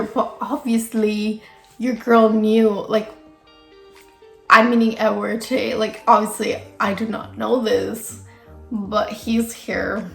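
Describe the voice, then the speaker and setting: A young woman tells a casual storytime with a chatty, gossipy flow, dropping "like" constantly. Her voice has a gravelly fry, and the room rings with echo while faint music plays underneath. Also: fairly high pitch, little pitch movement, slow. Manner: chatty, filler-heavy, gossipy with frequent "like". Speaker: vlogger.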